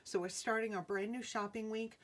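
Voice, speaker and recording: A woman's voice: on the high side, steady tone, a little fast. A woman with a Rhode Island accent hosting a live jewelry sale from home, chatty, greeting viewers by name and laughing often. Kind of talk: casual live-stream selling chat.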